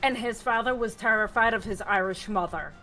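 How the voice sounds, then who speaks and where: An older woman with a fairly high voice chats and teases while playing a game online. Her talk is loose and friendly. Faint music sits in the background. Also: brisk, sharp tone, poor audio. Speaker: guest player. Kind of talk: casual chat while gaming.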